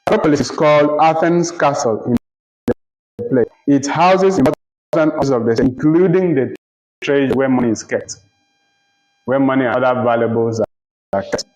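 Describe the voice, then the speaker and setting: A man teaching a literature lecture, explaining slowly and deliberately, repeating phrases and checking that listeners follow. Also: mid-range voice, darkish tone. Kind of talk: recorded lecture. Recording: roomy, dull lo-fi recording.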